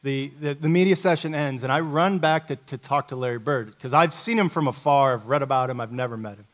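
A middle-aged coach from Indiana, USA, gives a talk at a church, telling a story in a lively, conversational, self-mocking way. His voice sits in the mid-range and he talks a little fast.

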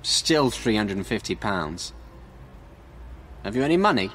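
A man's voice: fairly low pitch, very animated, measured pace, fairly bright tone, slight background noise. Matter-of-fact garage owner, plain-voiced, read by a male narrator. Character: plain-spoken garage owner, adult man.

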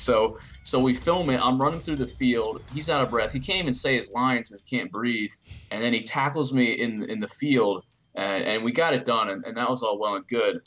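A young man talks through an interview in an easy, offhand way. He tells his stories loosely, stumbling and restarting often. His voice sits at an ordinary pitch for a man. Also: fairly quick. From New Jersey, US. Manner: relaxed storytelling, frequent fillers and restarts. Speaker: interview guest, YouTube creator. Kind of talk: casual interview answers.

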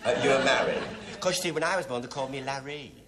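A man's voice: medium pitch, quick pace, a loud crowd. A middle-aged man hosting a TV game show, chatting with contestants in camp, teasing banter full of asides and giggles. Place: TV studio with live audience. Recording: broadcast TV studio with audience noise.

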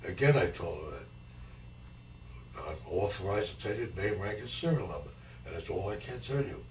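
A man's voice: sits low, expressive, normal speed, long pauses. An 80-year-old man telling his grandchildren about his life, rambling and repeating key phrases. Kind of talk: casual storytelling interview. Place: family home. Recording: echoey home camcorder audio, mic far off, faint hiss.

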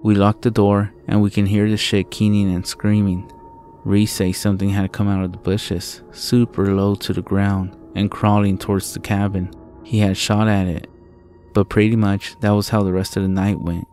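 A man narrating a first-person horror story in a slow, deliberate, profane way. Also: lowish voice, little pitch movement, mellow, soft background music.

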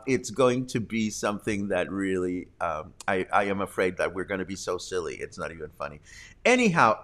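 A man's voice: on the low side, a bit bright. A man hosting a casual news livestream, chatting and reading viewer comments with plenty of laughter. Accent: Mexican. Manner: chatty, prone to laughing fits. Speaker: host.

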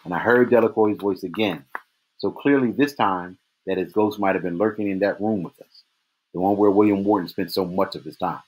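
A man reading a novel aloud in steady first-person narration. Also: sits low, a little fast, a little hiss or hum. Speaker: reader.

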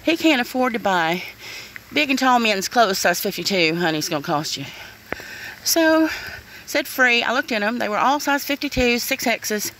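A woman's voice: on the high side, big pitch swings, moderate pace, a bit bright, slight background noise, poor audio. A middle-aged woman, ranting bluntly and swearing in a casual outdoor vlog in the rain. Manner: upset, blunt, swears, says "honey" and "y'all". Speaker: vlogger. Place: outdoors in the rain by her yard.

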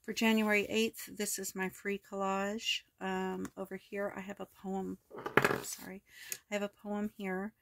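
Hoarse, gravelly-voiced woman crafting. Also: mid-range voice, flat delivery, measured pace, dry recording. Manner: chatty, rambling, many ums and self-corrections. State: hoarse, voice cracking. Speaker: crafting video host. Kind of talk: casual crafting walkthrough.

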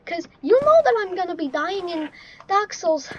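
High-voiced swearing woman gamer. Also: sing-song, moderate pace, highs cut off. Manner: profane, ranting, bursts into shouting. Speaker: gaming YouTuber. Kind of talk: let's play commentary. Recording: noisy recording.

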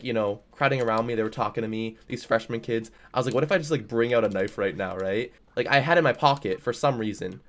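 A young man, a game streamer, rambling through stories in casual chat while he plays, full of "like" and "dude". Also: mid-range voice.

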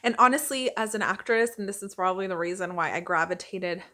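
A woman's voice: medium pitch, steady tone, quick pace, sharp tone. A young woman, an actress, chatting emotionally and casually at home for her vlog, laughing often. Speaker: actress and vlogger. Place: at home indoors.

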